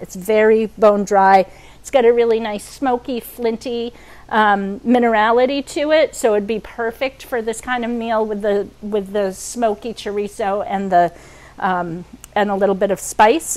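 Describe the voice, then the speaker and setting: A cooking show host with a voice on the high side chats through her demonstration, saying um often, while pans sizzle and utensils clink. She's wearing a mic, and the recording quality is low.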